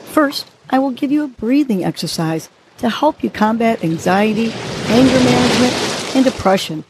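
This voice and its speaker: A woman's voice: mid-range voice, heavy background noise. A woman hosting a podcast, guiding a breathing exercise and giving encouraging, coaching words. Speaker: podcast host. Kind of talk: guided breathing and motivational talk.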